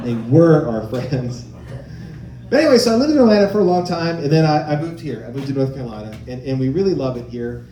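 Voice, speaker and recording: A man in his forties performs stand-up, telling stories animatedly and acting out the voices of people he quotes. His voice is on the high side and races along with hardly any pauses, captured with the roomy sound of a live venue.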